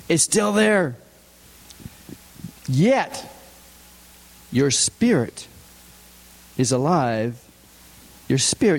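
A man preaching a sermon, putting questions to the congregation and stressing points with sharp rises in his voice. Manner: asks the congregation many questions, rises in pitch for emphasis. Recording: long hall reverb.

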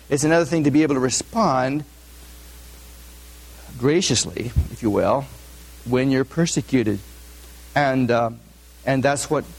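A man's voice: medium pitch, a little mellow. A male pastor giving a conversational sermon, often asking the audience questions. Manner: asks the audience frequent questions; informal, with many fillers and restarts.

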